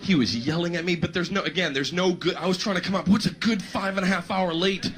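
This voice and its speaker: A man doing a stand-up routine, animated and jumping into squealing voices. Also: high-pitched, fast. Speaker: stand-up comedian. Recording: noisy live stand-up recording.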